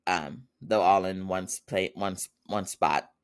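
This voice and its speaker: A man gives a casual spoken episode recap with a fairly low voice. He is chatty, fills gaps with "um" and "like", and laughs often along the way. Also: unhurried. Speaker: podcast host.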